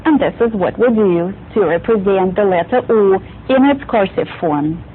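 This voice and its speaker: A woman's voice: medium pitch, moderate pace, narrow, tinny audio, a little hiss or hum. A woman teaching a language lesson, patiently repeating and drilling words for the learner. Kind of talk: slow, clear vocabulary lesson.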